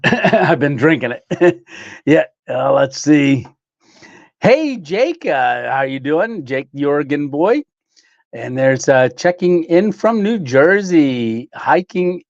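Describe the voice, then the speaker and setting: A man's voice: mid-range voice, no room sound, dull audio. A man hosting a casual camping livestream from his home studio, chatting with viewers, greeting them by name and laughing often. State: slightly out of breath. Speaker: livestream host.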